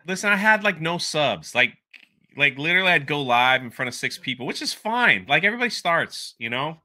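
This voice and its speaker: A young man telling a story as a guest in a casual interview, animated and laughing, with plenty of filler words. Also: fairly high pitch, fairly quick.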